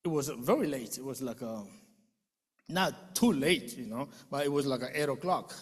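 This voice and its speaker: A man giving an emotional spoken testimony, telling the story with animated delivery and acting out quoted voices. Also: mid-range voice, moderate pace, breathy edge, big-room sound.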